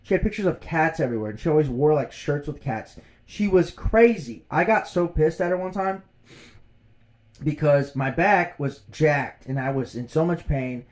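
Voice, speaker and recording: Animated slangy man telling a story. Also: a little high, moderate pace. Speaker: vlogger. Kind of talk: casual storytelling rant.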